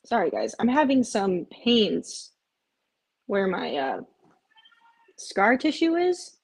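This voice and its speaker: A woman's voice: a little high, sing-song, takes it slowly, creaky, slightly rough. A woman hosting a casual live stream, chatting and rambling, and often breaking off to coax her cats in a cooing voice.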